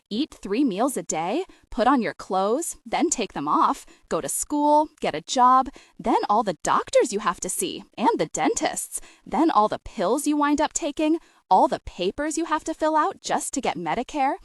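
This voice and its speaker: A woman narrating a gentle, humorous audiobook story with expressive storytelling. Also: fairly high pitch, dry recording, studio quality.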